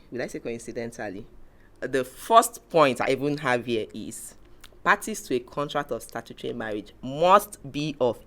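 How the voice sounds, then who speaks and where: Bright-voiced woman hosting a chat. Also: very deep voice. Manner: explains points from notes, laughs loudly. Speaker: talk show host. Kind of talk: casual panel chat.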